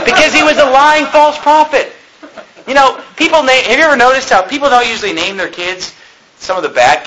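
Fiery high-voiced male preacher. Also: slight background noise, poor audio. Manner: fiery preaching, shouting at peaks. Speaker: pastor. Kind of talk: sermon.

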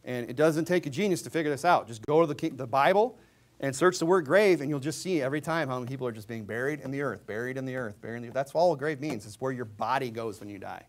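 A man preaching a sermon, swinging between low asides and loud, emphatic readings of scripture, mocking the views he argues against. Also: expressive, fast. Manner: mocking, mimics opponents' views.

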